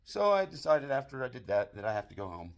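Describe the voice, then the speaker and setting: This fast-talking American man with a medium-pitched voice spins a crude, comic story packed with filthy jokes and profanity. He tells it like a barroom joker, keeping his delivery flat and deadpan.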